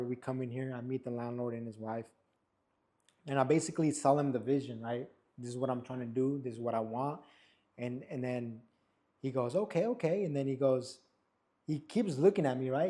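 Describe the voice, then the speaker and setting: A young man telling a story in a barbershop, casually, and acting out what others said. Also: mid-range voice. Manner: animated, acts out quotes of others. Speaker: barber and podcast co-host.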